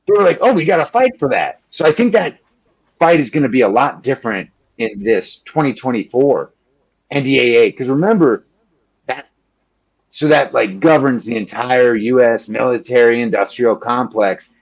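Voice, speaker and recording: A male journalist from Chicago talking in a lively, quick, conversational rush, dropping "like" everywhere and slipping into voices when quoting people. The audio is a little muffled and lo-fi. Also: mid-range voice, creaky. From Chicago, Illinois. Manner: animated, quick, peppered with "like", acts out quoted politicians. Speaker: journalist guest. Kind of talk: conversational interview answers.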